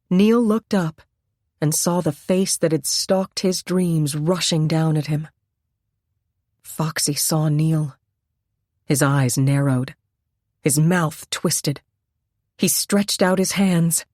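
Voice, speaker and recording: A woman narrating a suspense thriller in a tense, dramatic reading at a mid pitch. The sound is dry and close, with no room around it. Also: no room sound. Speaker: audiobook narrator.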